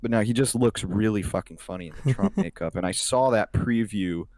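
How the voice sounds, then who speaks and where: A young man chats loosely on a podcast, his voice sitting a little low. He rambles, swears freely and leans on fillers. The sound is close and dry with no room in it. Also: fairly quick, darkish tone, dry recording. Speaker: podcast co-host. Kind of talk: casual chat.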